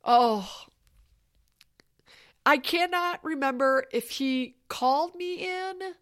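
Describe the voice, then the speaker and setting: A woman with a high voice recounts a personal story, animated and emphatic. She talks conversationally, with casual asides to the listener. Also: slow.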